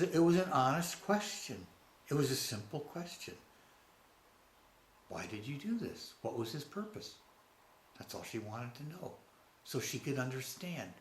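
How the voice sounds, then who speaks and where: Male religious speaker, rambling, off-the-cuff reflection, echoey room. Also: medium pitch. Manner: rambling, halting, many restarts. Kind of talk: unscripted reflective monologue. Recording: roomy with faint ambience.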